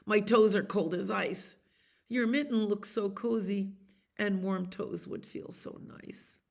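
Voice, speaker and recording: A woman's voice: mid-range voice, takes it slowly, gravelly. Woman playing a cold begging fox.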